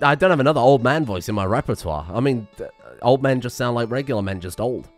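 A man's voice: medium pitch, lively intonation, fairly quick, soft background music. Sarcastic young man streamer. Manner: sarcastic, joking. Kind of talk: let's-play commentary.

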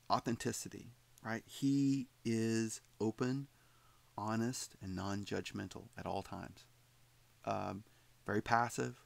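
A male instructor lecturing on psychology with a gravelly, creaky edge to his voice. He talks in a loose, conversational way, repeating points and quizzing his students. The sound is dry and close, with no room echo. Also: on the low side. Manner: conversational, repeats himself, asks students questions. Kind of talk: recorded lecture commentary.

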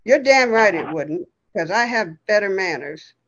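A woman's voice: mid-range voice, expressive, a little slow, fairly bright tone, highs cut off. A woman voicing a feisty, stubborn elderly woman with dementia, scolding in a tart way. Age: older.

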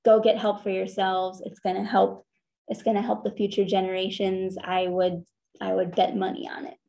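Woman counselor, mellow tone, earnest and conversational, slows for emphasis; church talk. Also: mid-range voice, flat delivery, gravelly. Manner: conversational, earnest, often slows to stress points.

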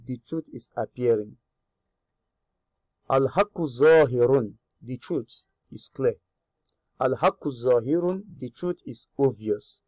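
A man's voice: medium pitch, darkish tone, no echo. Man teaching grammar, dry close sound. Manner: repeats Arabic words slowly, then glosses them in English; asks rhetorical questions to the learner. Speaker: Arabic teacher. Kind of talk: grammar lesson.

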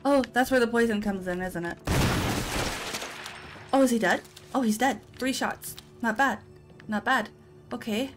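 A woman's voice: fairly high pitch, unhurried, pauses often, over music. A woman giving casual let's-play commentary, talking to herself and letting out frightened yelps.

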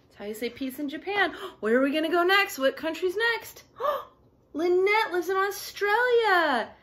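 Animated high-voiced woman reading to kids. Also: a little slow. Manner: sing-song, animated, with gasps and questions to the listener. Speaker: storybook reader for children. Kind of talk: reading a picture book aloud to young children.

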